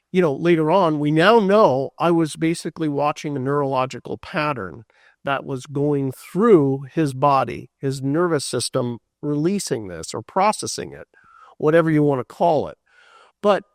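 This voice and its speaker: A man giving a conference keynote, telling a story in a loose, animated way with many fillers and restarts, acting out what people said. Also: on the high side, dry recording, studio quality. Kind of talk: storytelling talk.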